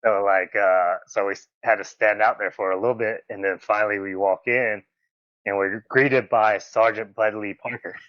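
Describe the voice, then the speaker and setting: Animated man telling stories. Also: on the low side, moderate pace, no room sound. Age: 40s. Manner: animated, acts out quoted lines in a raised voice, laughs often. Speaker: podcast guest, former wrestler. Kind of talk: casual storytelling interview. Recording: dull, slightly muffled audio.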